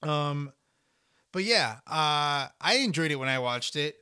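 A young adult man hosting a podcast, talking in a relaxed, joking, casual way. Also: a little high, measured pace, smooth, no echo, studio quality. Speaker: podcast host. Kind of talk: casual chat.

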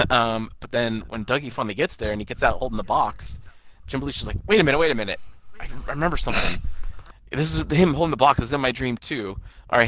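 A young man recapping a TV episode with a friend, his pitch swinging high and low as he acts out the lines and laughs between them. His voice is bright and forward, with a faint hiss behind it. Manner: laughs often, acts out quotes in bursts. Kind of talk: casual chat recapping a TV episode.

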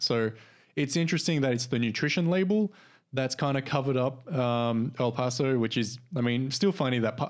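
A young man co-hosting a casual podcast, wandering through his points with plenty of fillers and restarts. His voice sits at an ordinary middle pitch for a man, neither low nor high. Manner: rambling, many fillers and restarts. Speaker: podcast co-host. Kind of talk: casual chat.

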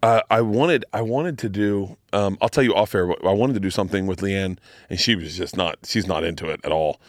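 A man's voice: low voice, fairly quick, dry recording, studio quality. A middle-aged man, a comedian guest, telling stories in casual podcast chat, acting out quotes and breaking into big laughs.

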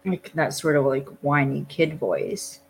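Podcast host, casual episode recap, slow talker, gravelly texture, faint background hiss. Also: medium pitch, lively intonation, low-quality recording. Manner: loose, lots of "like", blunt swearing.

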